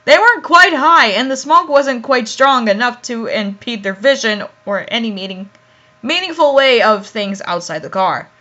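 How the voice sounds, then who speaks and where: High, bright, giggly woman reading fan fiction. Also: lively intonation, normal speed, muffled recording. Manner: giggly, laughs often, stumbles over words.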